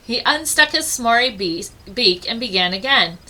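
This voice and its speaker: A woman reading a children's storybook aloud with expressive delivery and dramatic pauses. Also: on the high side, rough recording. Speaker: storybook reader.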